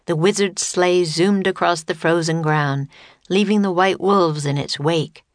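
Woman narrator, children's audiobook, steady, dry booth sound. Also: on the low side, a little slow, no room sound. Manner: clear, steady storytelling.

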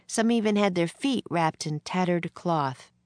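A woman reads a children's storybook aloud at an unhurried pace. Her voice sits low, and the recording is close and dry with no room around it. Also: no echo. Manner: slow, gentle read-aloud pacing. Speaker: narrator. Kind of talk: storybook reading.

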